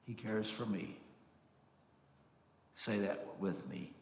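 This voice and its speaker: A man preaching a sermon in a slow, earnest, emphatic way, recorded in a church sanctuary. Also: sits low. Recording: echoey hall, roomy reverb.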